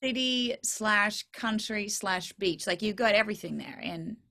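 A woman's voice: mid-range voice, measured pace, gravelly, pushed and bright. A young Australian woman with a slight Southern US twang, a country singer chatting as a podcast guest, bubbly and self-deprecating. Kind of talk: casual interview chat.

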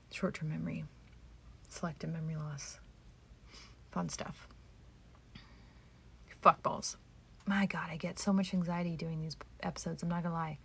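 A woman's voice: low voice, vocal fry, fairly bright tone, breathy edge. A woman hosting a solo podcast from home, talking candidly and self-deprecatingly, swearing freely and sometimes dropping to a whisper. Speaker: podcast host. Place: home, indoors.

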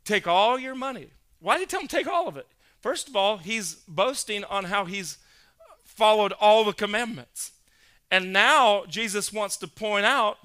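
Man, pastor, sermon, high voice, emphatic, questions to the congregation. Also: animated, a little slow, clean tone. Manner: emphatic, builds to loud, insistent peaks, quizzes the congregation.

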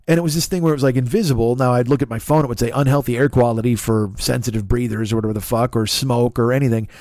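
A man's voice: mid-range voice, a little mellow, no room sound. Man, podcast host, comedic rant, heavy swearing, raw throat, dry sound. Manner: swears constantly, ranting and sarcastic. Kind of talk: profane comedic monologue.

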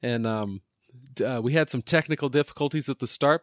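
A man's voice: medium pitch, fairly quick, no echo, studio quality. A man hosting a podcast, chatting in a jokey way and laughing easily. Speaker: podcast host. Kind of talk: casual chat.

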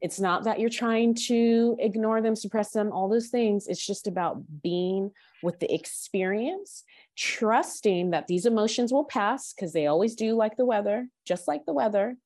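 A woman coach and mediator, a podcast guest, talking earnestly and gently as she guides the listener. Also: medium pitch, a little slow, dry recording, studio quality. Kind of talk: podcast interview.

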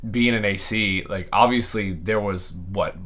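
A young man hosting a podcast in relaxed, rambling casual chat. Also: on the low side, measured pace. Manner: relaxed and rambling, many fillers. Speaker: podcast host.

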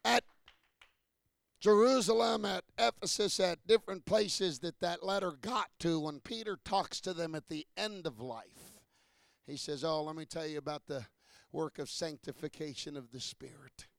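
A man preaching a sermon to a congregation, asking questions and building from low talk to shouted peaks. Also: expressive, moderate pace, vocal fry, no echo.

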